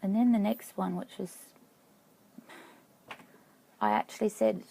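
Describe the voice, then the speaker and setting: A middle-aged woman telling a personal story to camera in a halting, reflective way, stopping now and then to check her notes. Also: medium pitch, very animated, creaky, dark tone, low-quality recording. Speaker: vlogger.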